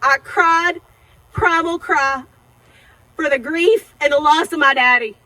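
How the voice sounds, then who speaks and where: A woman's voice: sits high, takes it slowly, sharp tone, rough recording. A middle-aged woman giving an emotional eulogy at an outdoor graveside, telling the story and acting out remembered dialogue. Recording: outdoor recording with passing traffic noise.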